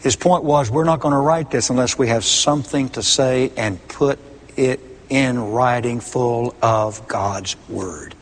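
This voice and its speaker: Middle-aged guy preaching slow and emphatic, repeats words to hammer them home, big echoey church hall. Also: a little high, animated, fairly bright tone. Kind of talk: sermon. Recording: long hall reverb.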